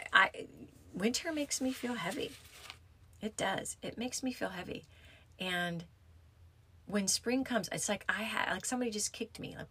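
Husky-voiced woman chatting about yoga. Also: mid-range voice, fairly bright tone. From United States. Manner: chatty, rambling with many restarts and fillers. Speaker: yin yoga teacher. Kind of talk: casual reflective talk.

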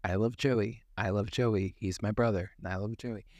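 A man's voice: lowish voice, fairly even intonation, moderate pace, darkish tone, no echo. A man co-hosting a podcast, talking in a casual, profane, jokey way. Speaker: podcast co-host. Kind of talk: casual chat.

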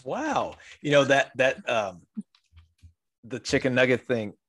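Guy hosting a podcast, goofy and jokey, cracks himself up, average pitch voice. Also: big pitch swings, slow pace, a bit bright. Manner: jokey, laughs at his own jokes. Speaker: podcast host. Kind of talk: casual podcast chat.

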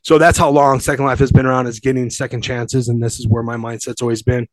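A man's voice: medium pitch, flat delivery, fast talker, no room sound. Profane, fired-up man telling stories. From Southern California. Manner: profane, emphatic, rambling with restarts. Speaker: podcast guest, gym owner. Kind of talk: casual storytelling.

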